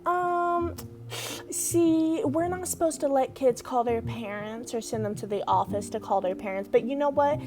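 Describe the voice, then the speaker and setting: A woman's voice: sits high, moderate pace, pitched above the performer's own voice, lightly acted. A woman voicing a hesitant, dismissive female schoolteacher who hedges as she talks, over music. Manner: hesitant, reasoning aloud. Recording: music playing underneath.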